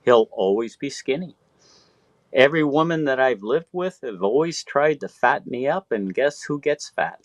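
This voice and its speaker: A man's voice: medium pitch, normal speed, few pauses, no echo. A man in his sixties telling stories in casual chat, swearing freely and acting out what people said. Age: 60s. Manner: profane, animated storyteller acting out quotes.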